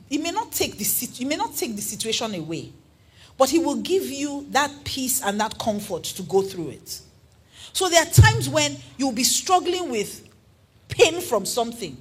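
Husky, lively woman preacher. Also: fairly high pitch. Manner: earnest, animated preaching with rhetorical questions. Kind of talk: sermon.

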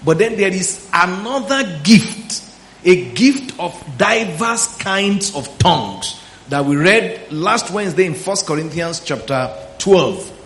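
A man delivers a Bible teaching sermon in a high, ringing voice. He keeps checking with his listeners and draws out words for weight. The room is echoey and faint ambience sits underneath. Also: expressive, slow pace, fairly bright tone, slight background noise. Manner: questioning the congregation, drawing out words for emphasis. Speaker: pastor.

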